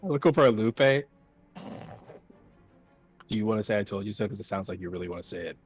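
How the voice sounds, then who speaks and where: A man's voice: on the low side, expressive, fast, breathy edge, faint music behind. A man playing a tabletop role-playing game, talking in a rambling, hesitant way. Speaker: player. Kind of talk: casual role-play talk in character.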